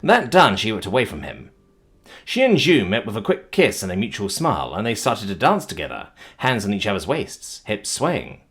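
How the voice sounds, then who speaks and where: A man's voice: fairly low pitch, wildly swooping pitch, moderate pace, a bit bright, husky, soft background music. A man narrating a science fiction story expressively as an audiobook reader.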